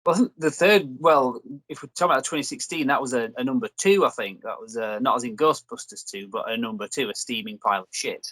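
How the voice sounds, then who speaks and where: A man's voice: mid-range voice, fast talker, few pauses, fairly bright tone, dry recording, rough recording. A young man hosting a review video, rambling and joking in casual chat. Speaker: reviewer and host.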